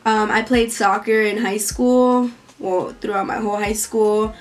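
A woman's voice: mid-range voice, steady tone, unhurried. A young woman, a college student, chatting casually in a Q&A vlog, talking a lot, filling her speech with "like", giggling and acting out the voices of people she quotes. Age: young adult. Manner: talkative, fills every phrase with "like". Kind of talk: casual Q&A chat.

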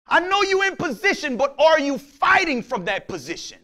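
A male pastor preaching with a high voice. He calls out scripture with fervor and keeps returning to "Praise the Lord." At times he drops to a low, quiet prayer. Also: big pitch swings, moderate pace, few pauses. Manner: impassioned preaching, shouting out scripture; repeats "Praise the Lord" between points. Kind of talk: sermon.

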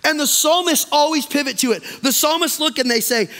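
A man preaching as pastor in a church, impassioned and then dropping soft and low to plead with the congregation. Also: fairly quick, hardly any pauses. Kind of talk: sermon. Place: church sanctuary. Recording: long reverb of a church hall.

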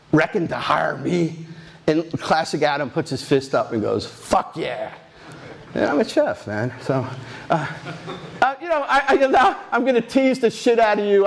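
A man in his sixties giving a rambling, animated talk at a tech conference, telling stories with many restarts and asides. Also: a little high. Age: 60s. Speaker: conference speaker. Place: conference stage.

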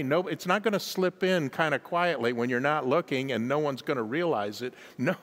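Male guest preacher, lively rise and fall, urges the congregation to respond, long church reverb. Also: mid-range voice, normal speed. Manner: emphatic, calls on the congregation to respond; chuckles at his own asides. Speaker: guest pastor. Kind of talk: sermon. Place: large church sanctuary.

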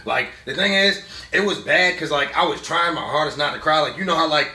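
A young man giving a casual movie review, excitable and profane, often laughing through his words. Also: a little high, a little fast, distant mic. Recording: echoey room, off-mic.

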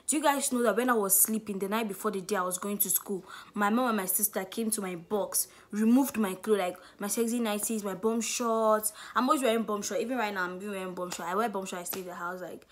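Young woman, Nigerian accent, story-time vlog, animated, acts out quotes. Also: mid-range voice. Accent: Nigerian English. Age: young adult. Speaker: student vlogger.

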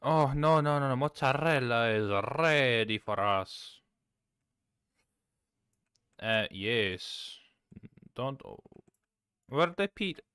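A man streaming a cooking game, chatting casually, swearing and suddenly shouting. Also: medium pitch, slow pace, long pauses, clean tone, dry recording, studio quality. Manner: chaotic, swears, bursts of shouting. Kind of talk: casual gameplay chat.

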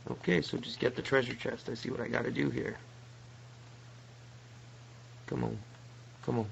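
Gravelly young gamer muttering and yelling. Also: male voice, mid-range voice, steady tone, fast talker, dull audio, slight background noise. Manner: swings from muttering to frustrated yelling. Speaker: let's play gamer. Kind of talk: live game commentary.

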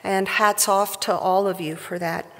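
A woman giving a prepared tribute speech at a professional society event, with a wry, measured delivery, at a podium microphone in a large hall. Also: mid-range voice, fairly even intonation. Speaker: speaker at a surgical society event. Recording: reverberant hall.

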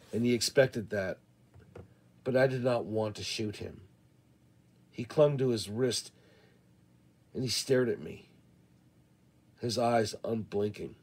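A man reading a western novel aloud in the first person, measured and deliberate. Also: medium pitch, a little mellow. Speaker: audiobook reader. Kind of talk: first-person audiobook narration.

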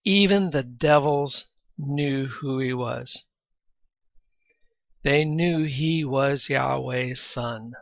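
Man, Bible teaching lecture, gravelly, clears his throat, dull lo-fi sound. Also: medium pitch, drawn-out words, pauses often, no room sound. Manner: reads scripture aloud between explanations, often clears throat.

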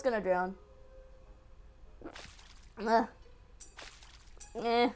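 A young woman giving excitable gameplay commentary into a desk mic, talking to herself with lots of exclamations. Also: on the high side, unhurried. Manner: excitable self-talk, frequent exclamations and laughs. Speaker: gaming channel host. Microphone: desk microphone.

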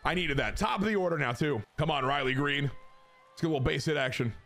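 A young man streaming a baseball video game, joking, swearing and shouting at big plays over game music. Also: fairly high pitch, a little fast, creaky. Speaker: gaming streamer. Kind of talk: excited video game commentary. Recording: game music playing behind.

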